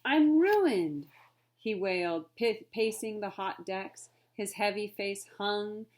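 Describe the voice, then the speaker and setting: A woman reads a children's storybook aloud. Her narration is clear and steady. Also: medium pitch, takes it slowly. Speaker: reader.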